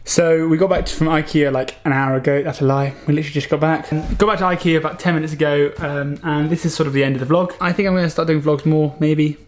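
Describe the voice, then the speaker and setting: A man's voice: fairly high pitch, fairly even intonation, fast, few pauses. Joking young man vlogging on camera. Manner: playful, jokey, chatty. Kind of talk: casual vlog chat. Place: car and shops, in and out of doors. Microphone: handheld camera mic. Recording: background noise.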